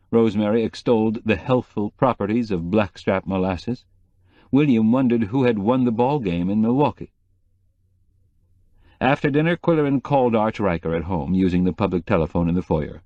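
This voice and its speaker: Measured male audiobook narrator, dry sound. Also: on the low side, mellow, no room sound, muffled recording. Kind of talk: scripted narration.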